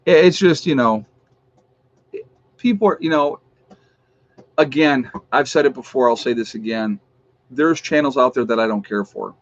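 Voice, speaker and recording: A man's voice: mid-range voice, normal speed, pauses often, highs cut off. Chatty New York man on a livestream. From New York State. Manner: chatty, amused, teasing. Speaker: YouTube channel host. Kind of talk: casual livestream chat.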